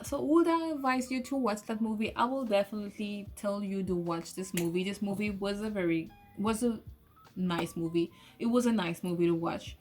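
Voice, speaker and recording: Excitable woman reviewing a movie. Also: mid-range voice, normal speed. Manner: excitable, swears often, restarts sentences. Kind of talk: casual spoken movie review. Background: soft lofi music.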